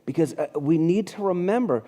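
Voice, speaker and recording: A man's voice: fairly high pitch, animated, brisk, mellow. A pastor in his fifties preaching a conversational sermon, reading scripture aloud and restarting his phrases. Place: church sanctuary.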